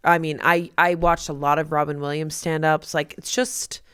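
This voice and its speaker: A woman hosting a podcast in casual chat, animated, laughing easily and searching for words. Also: low voice, normal speed, smooth, no room sound, clean studio sound. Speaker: podcast host.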